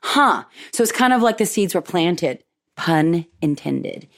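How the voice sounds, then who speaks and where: A woman hosting a podcast, telling a personal story in a lively way and acting out what people said. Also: a little slow, vocal fry. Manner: animated, acts out quoted dialogue with big pitch jumps. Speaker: podcast host.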